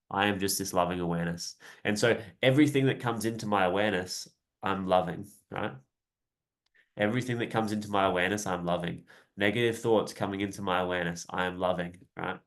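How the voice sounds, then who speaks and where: A young man coaching viewers in a relaxed, rambling live talk, often tagging "right?" and laughing lightly now and then. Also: low-pitched. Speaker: self-help coach. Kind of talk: casual live-stream talk.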